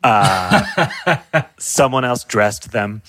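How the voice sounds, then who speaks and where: A man's voice: lowish voice, lively intonation, drawn-out words, a bit bright, dry recording, studio quality. A male comedian in a casual chat, laughing often as he riffs and acts out silly voices. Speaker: comedian guest.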